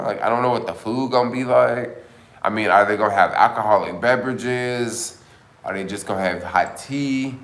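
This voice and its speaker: A lower-pitched man talks loosely on his livestream, filling his thoughts with plenty of likes and you-knows. His voice rings a bit in an echoey room. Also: a bit bright. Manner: rambling, lots of filler words. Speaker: livestream host. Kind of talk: casual livestream chat.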